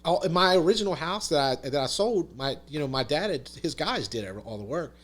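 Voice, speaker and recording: A man's voice: fairly high pitch, lively intonation, fast, fairly bright tone. A man talking as a podcast guest, telling a story in casual conversation, emphatic, swearing freely and saying "dude" and "literally" a lot.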